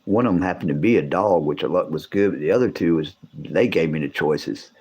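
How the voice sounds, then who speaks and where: A man, hosting a casual livestream, rambling and swearing as he talks to his viewers, his voice gone deeper from coughing. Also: a little fast, warm tone, slightly rough. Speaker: livestream host.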